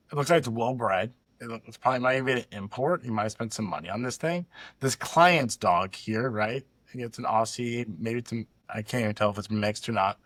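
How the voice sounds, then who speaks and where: A man's voice: mid-range voice, a bit bright, no echo. A man co-hosting a dog training reaction show, talking bluntly and with heated exasperation. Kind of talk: reaction commentary.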